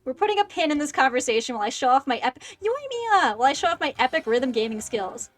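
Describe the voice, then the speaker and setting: A woman in her twenties chatting excitedly on a gaming livestream, making self-deprecating asides into a close desk microphone. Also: high voice, fast talker. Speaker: streamer. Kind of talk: casual gaming livestream chat.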